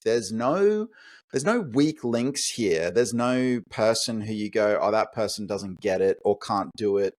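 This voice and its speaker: A young man co-hosting a film podcast, talking eagerly and with hedges, putting questions to his co-host. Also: mid-range voice. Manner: enthusiastic, hedging, asks questions. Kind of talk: casual film chat.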